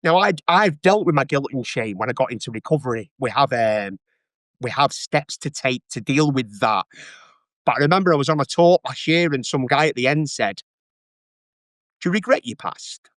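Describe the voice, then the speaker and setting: A man's voice: mid-range voice, normal speed, fairly bright tone, no echo, studio quality. Earnest man, raw and candid. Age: 40s. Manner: earnest, emotional, repeats phrases. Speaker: guest. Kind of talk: candid interview.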